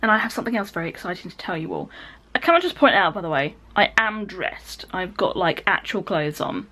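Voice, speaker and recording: A woman's voice: fairly low pitch, lively intonation, fairly quick, pushed and bright, breathy edge. A British woman in her twenties talking to the camera from her living room in a casual, giggly, rambling vlog. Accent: British English. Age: 20s. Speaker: vlogger. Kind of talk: casual home vlog chat. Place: home living room, indoors.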